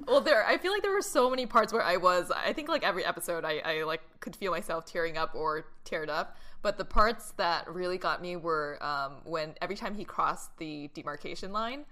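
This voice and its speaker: A woman co-hosting a casual podcast chat, retelling drama scenes in a giggly, animated way. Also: lowish voice, brisk, few pauses. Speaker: podcast co-host.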